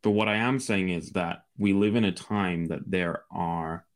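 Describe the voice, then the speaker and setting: A very deep-voiced man with a Scottish accent talks as a podcast guest. He explains his views fluently and with confidence, in an easy conversational tone. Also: measured pace. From Scotland. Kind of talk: casual interview.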